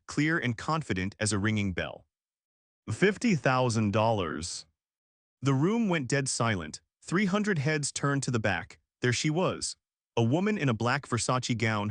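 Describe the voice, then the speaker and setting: A man in his forties reading a first-person story as narrator, with a smooth and even delivery. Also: mid-range voice, dry recording, studio quality. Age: 40s.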